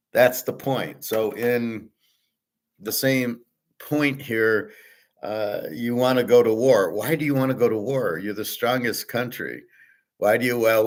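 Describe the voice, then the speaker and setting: A middle-aged man with a fairly low voice holds forth in a casual monologue. He rambles bluntly, swears freely and often breaks off to restart a thought. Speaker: host. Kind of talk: casual monologue on money and markets.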